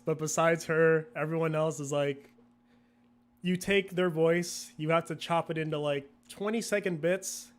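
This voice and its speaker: A young man chatting as an interview guest, rambling and laughing often, acting out his own thoughts in quotes. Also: fairly high pitch. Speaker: guest, video creator. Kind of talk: casual interview chat.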